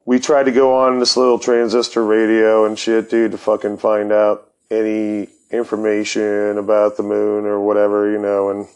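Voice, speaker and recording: A man's voice: lowish voice, monotone, moderate pace, few pauses, darkish tone, smooth, low-quality recording. A man telling a rambling, profane story as a podcast host, laughing as he talks. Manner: laid-back, profane, laughs through story.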